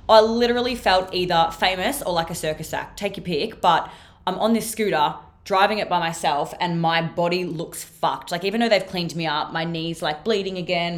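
A young Australian woman hosting a podcast, telling a story in a chatty, sweary way full of "like". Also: fairly low pitch. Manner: chatty, sweary, filler-heavy with frequent "like". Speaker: podcast host. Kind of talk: casual storytelling monologue.

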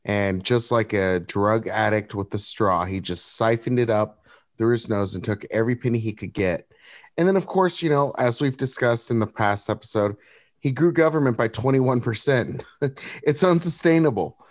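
A man's voice: mid-range voice, normal speed, no echo, studio quality. A man on a political talk podcast, talking in an outraged way and stumbling over his words.

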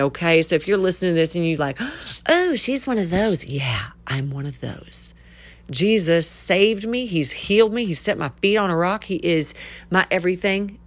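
Excitable woman podcast host. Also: deep voice. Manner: excitable, shouty greetings, animated and preachy. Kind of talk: casual faith podcast talk.

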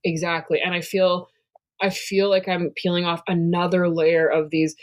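A woman's voice: lowish voice, little pitch movement, moderate pace. A woman in her thirties, co-hosting a podcast in casual chat, speaking candidly and with lots of energy, swearing freely. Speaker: podcast co-host.

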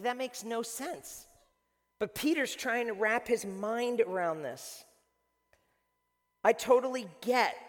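A male pastor with a high voice, preaching in an animated, chatty storytelling way. His voice rings with a long reverb across a large hall. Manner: animated storytelling with casual fillers. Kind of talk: sermon.

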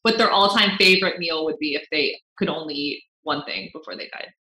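A woman author as a guest in a casual interview, upbeat and quick to giggle. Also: low-pitched, pushed and bright, roomy sound, low-quality recording.

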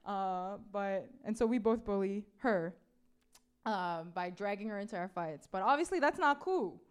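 A woman preaches in a relaxed, conversational style, her mid-range voice smooth and a little slow with a lively lilt. She's chatty, scattering "like" and "right?" throughout and repeating key phrases for emphasis.

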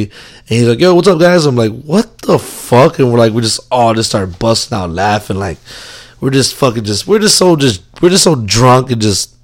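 Young man, casual storytelling, rambling and profane, laid-back and amused, lowish voice. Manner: rambling, heavy swearing, lots of fillers.

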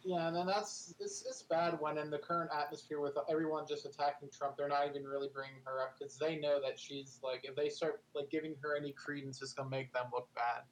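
A man's voice: a little high, level tone, a little fast, few pauses, a little hiss or hum, low-quality recording. A man co-hosting a podcast in casual political chat, rambling and full of filler words.

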